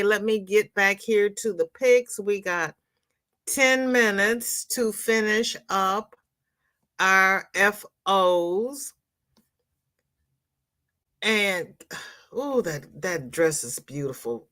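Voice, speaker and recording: A woman's voice: mid-range voice, lively intonation, slow pace, a bit bright. A woman hosting a crochet live stream, chatting casually and reading viewer comments aloud with playful asides. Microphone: computer mic on a live stream.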